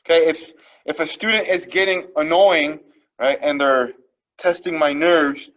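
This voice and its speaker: A man's voice: a little high, measured pace, a bit bright. A male French teacher giving classroom instruction, repeating phrases for students to drill and often checking in with "right?". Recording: dull lo-fi classroom recording.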